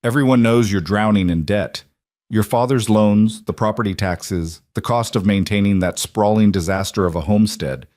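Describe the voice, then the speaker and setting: A man's voice: on the low side, moderate pace, darkish tone, dry recording, clean studio sound, close to an everyday voice. A man voicing a haughty older society woman who sneers with false sympathy. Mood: scornful.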